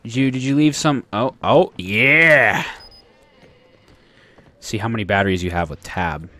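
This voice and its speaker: A man's voice: lowish voice, expressive, brisk, no room sound. A man hosting a gaming channel, chatting casually as he plays and talking back to the game characters. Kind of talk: let's play commentary.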